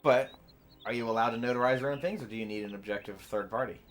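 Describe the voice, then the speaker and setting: A man's voice: medium pitch, quick pace, soft background music. A man chatting casually and playfully while streaming a game, laughing often. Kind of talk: casual let's-play chat.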